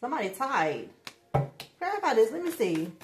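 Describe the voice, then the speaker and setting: A woman's voice: fairly high pitch, sing-song, moderate pace, slight background noise. A woman giving a casual tarot reading who talks bluntly and swears a lot, speaking straight to her viewers in slang. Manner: slangy, emphatic, bursts of laughter. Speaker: tarot reader.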